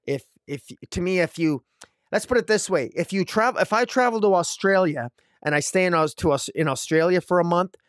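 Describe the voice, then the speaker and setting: A man's voice: high voice, normal speed, dry recording, clean studio sound. A man reviewing comic books alone, rambling with many fillers and restarts. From Canada. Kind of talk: casual solo review.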